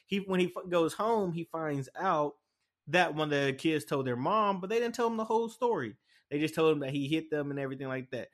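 A man's voice: on the high side, brisk. Rambling young man hosting a podcast. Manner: rambling storytelling with many fillers and restarts. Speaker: podcast host. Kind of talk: casual solo podcast chat.

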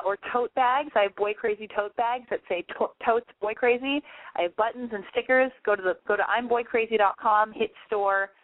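A woman's voice: medium pitch, dry recording. A woman hosting a casual talk show, rambling frankly and swearing as she asks listeners questions. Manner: chatty, rambling, frank and profane. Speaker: podcast host. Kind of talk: casual confessional monologue. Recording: tinny phone-line sound, dry.

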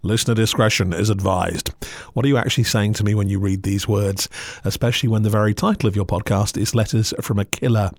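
A man's voice: on the low side, fairly even intonation, fast talker, no room sound. A man reviewing podcasts in a scripted, sardonic way, full of dry asides.

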